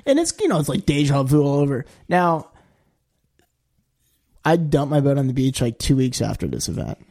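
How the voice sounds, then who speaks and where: A man as a podcast guest, telling a long story in a rambling, animated way, often saying "like" and jumping into high quoted voices. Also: normal speed. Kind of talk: casual storytelling.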